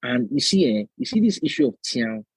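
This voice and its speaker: A man with a Nigerian-American accent, hosting a casual podcast chat and telling animated stories full of slang and laughter. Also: a little high, fairly quick, husky, dry recording, rough recording. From United States. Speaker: podcast host.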